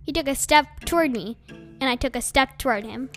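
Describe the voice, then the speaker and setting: A woman narrating a novel chapter aloud with expressive storytelling. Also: high-pitched, a little fast, soft background music. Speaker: audiobook narrator.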